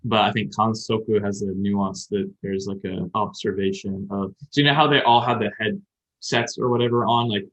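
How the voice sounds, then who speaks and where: A man's voice: on the low side, steady tone, normal speed, a bit bright, highs cut off. Rambling man explaining Japanese words. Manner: rambling, explains with many fillers and restarts. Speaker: podcast co-host. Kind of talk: casual chat about learning Japanese.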